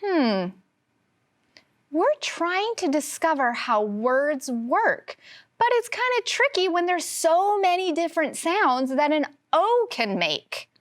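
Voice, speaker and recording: Slow, lively-voiced teacher woman. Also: very high voice. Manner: slow, clear, sounding out words for young children. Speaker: first grade teacher. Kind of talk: televised classroom phonics lesson.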